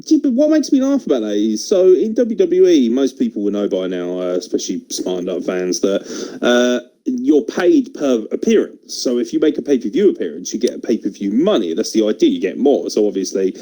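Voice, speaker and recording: A man's voice: mid-range voice, big pitch swings, brisk, dark tone. A man from England co-hosting a wrestling podcast, talking casually, swearing and laughing as he riffs. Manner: sweary, laughing, puts on impressions. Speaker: podcast co-host.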